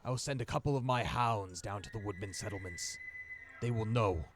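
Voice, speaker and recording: A man acting as game master, voicing a grave, protective shape-changer chieftain in a tabletop game with a slow, solemn manner. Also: lowish voice, background noise, lightly acted. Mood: commanding.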